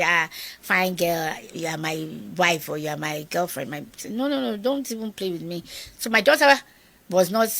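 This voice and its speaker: A middle-aged woman with a Nigerian accent tells a personal story to an interviewer. Her voice is low, gravelly and husky, with a bright, edgy tone, and she acts out each quoted line with animation. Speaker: guest.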